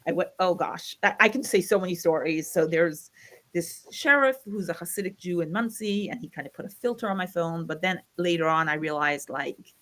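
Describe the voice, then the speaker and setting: A middle-aged woman from the United States, a guest telling her personal story in an interview, acting out the voices of the people she quotes. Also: fairly low pitch. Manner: animated retelling, acts out quoted voices.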